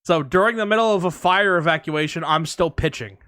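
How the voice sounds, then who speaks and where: A man co-hosting a podcast, telling anecdotes in a casual, animated way and acting out voices and sounds. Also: a little high, fairly quick, no echo, studio quality. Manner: animated storyteller, acts out voices and sirens. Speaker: podcast co-host. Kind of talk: casual storytelling chat.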